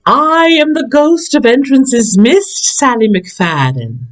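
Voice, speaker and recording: A woman's voice: a little high, expressive, slow pace. Woman playing a gloating ghost of missed entrances. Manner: teasing, gloating. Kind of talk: community theater stage play.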